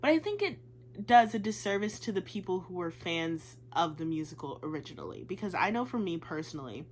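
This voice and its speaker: Chatty young woman vlogger, low-pitched. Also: sing-song, a little fast, slight background noise. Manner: chatty and gushing, says "like" a lot. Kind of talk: casual commentary vlog.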